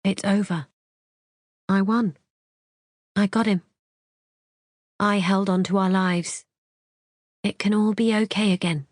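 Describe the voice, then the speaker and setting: A woman narrating a first-person audiobook thriller in a measured, tense storytelling manner. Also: mid-range voice, fairly even intonation, dry recording, clean studio sound.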